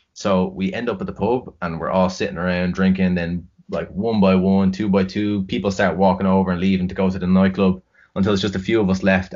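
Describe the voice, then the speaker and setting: A young Irish man telling a rambling, sweary story in casual chat. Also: low voice. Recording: dull lo-fi recording.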